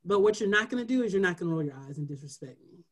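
A man's voice: high-pitched, expressive, racing, a bit bright. A man who teaches elementary school, co-hosting a podcast in casual chat and firmly acting out his own classroom lines. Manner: firm, acts out stern teacher lines in stories.

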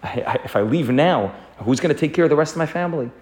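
A man's voice: on the high side, expressive, fast talker, a little mellow, voice pushed up, natural voice. A man voicing a dying man who pleads from his deathbed with his father-in-law in a told story. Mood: pleading. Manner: pleading, anxious.

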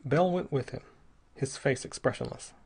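A man narrating an adventure story in a measured, steady reading voice. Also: medium pitch, creaky, breathy edge. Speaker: audiobook narrator. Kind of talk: scripted narration.

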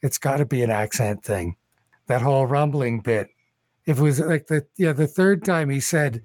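A man's voice: mid-range voice, lively intonation, moderate pace, darkish tone, no echo. A man narrating as game master of a tabletop game, rambling casually with many fillers.

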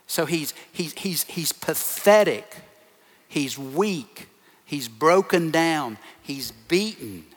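Slow and expressive, a man's slightly high voice fills a large hall with long reverb. He is a pastor preaching forcefully to his congregation, building momentum through strings of short repeated phrases.

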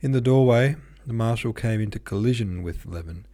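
A man's voice: medium pitch, fairly quick, mellow, dry recording. A man reading a classic novel aloud, unpolished, with small slips and asides. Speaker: audiobook reader.

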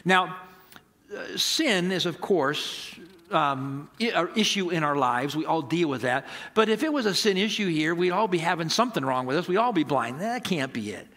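A middle-aged male pastor preaches in a bright, forceful voice that sits a little high. He talks to his congregation conversationally, asks them rhetorical questions and acts out both sides of the conversations in his stories. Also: animated, moderate pace, long reverb tail. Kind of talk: sermon.

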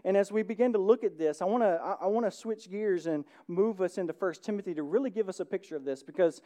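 Mellow, animated church preacher. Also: mid-range voice, fast talker. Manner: conversational, often checks in with the congregation; grows animated and excited. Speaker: pastor. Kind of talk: sermon.

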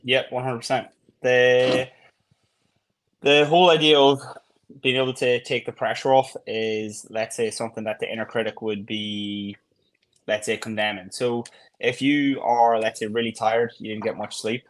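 A man's voice: mid-range voice, flat delivery, normal speed. A man co-hosting a podcast in casual chat, explaining his points with examples. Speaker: podcast co-host.

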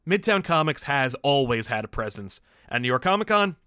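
A man's voice: mid-range voice, sing-song, fairly quick, pushed and bright, clear, resonant tone, no room sound, studio quality. A man hosting a podcast about comics, talking in a chatty, opinionated, easygoing way. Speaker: podcast host. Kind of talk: casual commentary.

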